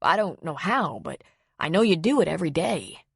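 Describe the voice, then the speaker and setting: A woman voicing a calm, kind male pastor. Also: lowish voice, creaky, slightly rough, no echo, clean studio sound, exaggerated voice. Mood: reassuring. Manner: steady, measured, reassuring delivery.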